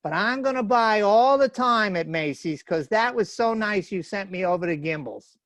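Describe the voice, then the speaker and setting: A woman's voice: medium pitch, expressive, normal speed, no echo, clean studio sound, natural voice. A man voicing a mother who is thanking a store manager, told in a casual anecdote. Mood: pleased. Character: irritated mother shopping for skates.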